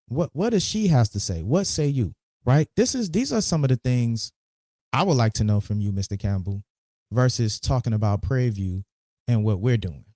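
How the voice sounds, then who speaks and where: A man's voice: mid-range voice, no room sound, clean studio sound. Teasing man hosting a stream. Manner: animated, teasing, repeats words. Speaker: podcast host. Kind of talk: casual commentary livestream.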